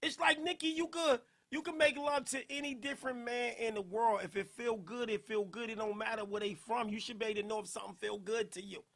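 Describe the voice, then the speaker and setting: A man hosting a podcast in casual, playful, slangy chat, giving loud shout-outs to listeners. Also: very high voice, steady tone, a little fast, gravelly, few pauses. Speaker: podcast host.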